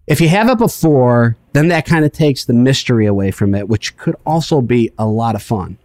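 A man co-hosting a podcast, talking candidly in a halting way that repeats words. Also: mid-range voice, animated, a little mellow, no room sound. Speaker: podcast co-host. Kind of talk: casual chat.

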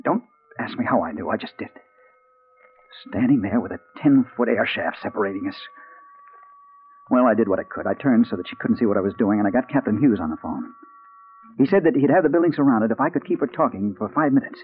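A man's voice: fairly low pitch, expressive, fairly quick, soft background music, close to an everyday voice. A man playing a hard-boiled male crime reporter in a 1940s radio drama, narrating and talking in an urgent, anxious way. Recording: tinny old 1940s radio broadcast.

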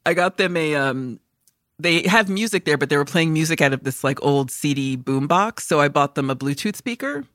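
A woman co-hosting a podcast in casual chat, an animated storyteller who swears freely and laughs often. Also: sits low, moderate pace, dry recording, studio quality. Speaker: podcast co-host.

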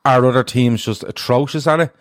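A man's voice: mid-range voice, fairly quick, dry recording, studio quality. A man hosting a football podcast, chatting casually and rambling a little as he corrects himself. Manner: rambling, self-correcting, upbeat. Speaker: podcast host.

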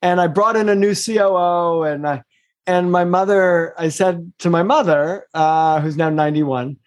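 High-voiced man, animated coaching talk. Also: normal speed. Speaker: executive coach and guest. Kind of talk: casual interview conversation.

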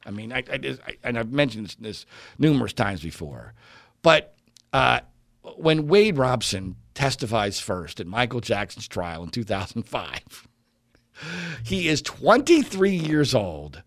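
A man's voice: medium pitch, big pitch swings, a little slow, dry recording, studio quality. A man giving an indignant opinion commentary monologue, mocking other voices and often restarting his sentences.

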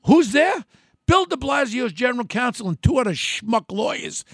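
Gravelly, animated older New man. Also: very high-pitched, moderate pace, no echo, studio quality. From New York City. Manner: blunt, combative, quotes people in changing voices. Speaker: former mayoral candidate telling a story. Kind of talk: animated storytelling monologue.

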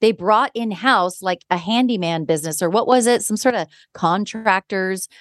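A woman hosting a podcast in casual chat, an animated storyteller who often breaks into laughter. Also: medium pitch, normal speed, dry recording, clean studio sound. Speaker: podcast host.

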